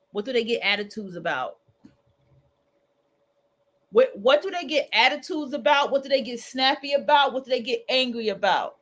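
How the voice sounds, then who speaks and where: Woman, livestream host, colloquial, animated, fairly high pitch. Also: moderate pace. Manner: colloquial, animated, acts out quoted voices. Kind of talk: casual freestyle monologue.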